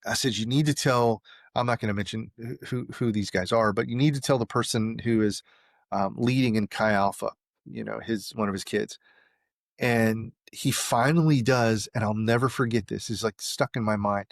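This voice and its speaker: A man's voice: fairly low pitch, moderate pace, creaky, dry recording, clean studio sound. A man being interviewed, telling a story in a casual way and acting out the lines of the people he quotes. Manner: animated, acts out quoted dialogue. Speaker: interview guest.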